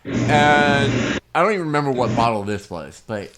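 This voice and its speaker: A man co-hosting a casual podcast, telling stories with lots of swearing and plenty of laughter. His voice sits in a middle pitch but swings up and down a lot as he talks. There is crowd chatter in the background. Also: moderate pace, poor audio. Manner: animated, profane storyteller, often laughing. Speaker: podcast co-host. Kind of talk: casual storytelling chat.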